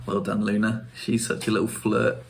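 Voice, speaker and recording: A man's voice: on the low side, little pitch movement, normal speed, gravelly, slight background noise. A young man telling stories in a casual vlog, chatty and self-mocking, laughing often. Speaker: vlogger.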